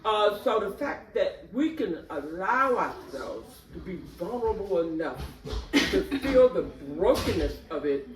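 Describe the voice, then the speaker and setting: A woman's voice: mid-range voice, very animated, measured pace, slight background noise. An older woman in a candid group discussion who tells stories expressively and laughs often. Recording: roomy, distant mic.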